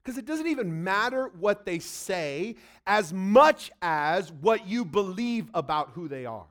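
Man, pastor, sermon, high voice, chatty preaching, acts out quotes. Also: very animated, unhurried, fairly bright tone. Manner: conversational preaching with acted-out quotes.

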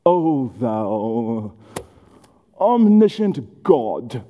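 A man's voice: mid-range voice, very animated, very slow, phone-quality sound, pitched below the performer's own voice. A man imitating a pompous churchgoer who prays in grand, old-fashioned words, in an echoey hall. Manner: grandiose, archaic phrasing.

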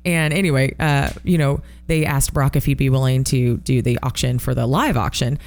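A woman co-hosting a radio talk show, animated and quick to laugh as she chats. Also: extremely low pitch. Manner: animated, laughs easily, storytelling.

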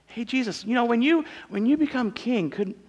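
A man's voice: very high-pitched, lively intonation, moderate pace, darkish tone, in a large hall, highs cut off, voice pushed up. A man voicing a pushy mother who begs a favor for her two sons, in a raised, wheedling voice. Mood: pleading.

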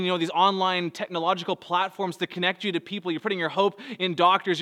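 A man, preaching a sermon earnestly, moving between soft low passages and raised, urgent bursts. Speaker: pastor. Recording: long hall reverb.

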